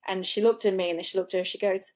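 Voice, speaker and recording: A woman's voice: medium pitch, rapid-fire. A woman funeral director and celebrant in a casual interview, talking earnestly and acting out the words she quotes in her stories. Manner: animated storyteller who acts out her own quoted words.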